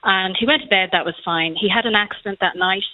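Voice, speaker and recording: A woman's voice: medium pitch, fast. A woman in her thirties with an Irish accent, calling a radio show and telling a personal story in a chatty way. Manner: chatty storytelling, acts out quotes. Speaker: caller. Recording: tinny phone line.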